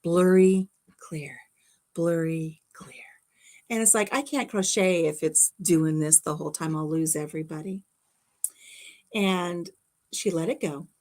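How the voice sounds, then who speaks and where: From her craft room at home, a middle-aged woman hosts a casual livestream, rambling and chatting while reading viewer comments aloud. Her voice sits low with a darkish tone, and she talks at a normal speed.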